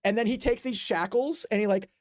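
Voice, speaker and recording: Dry, close, rambling game-master streamer. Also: male voice, high voice, dry recording. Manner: rambling, filler-heavy narration with quick voiced asides. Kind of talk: narrating a tabletop game on a live stream.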